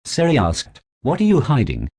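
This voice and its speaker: A man's voice: mid-range voice, huge pitch swings, moderate pace, darkish tone, slightly rough, pitched above the performer's own voice, exaggerated voice. A man reading the accusing lines of a suspicious wife in a storybook. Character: suspicious wife questioning her husband.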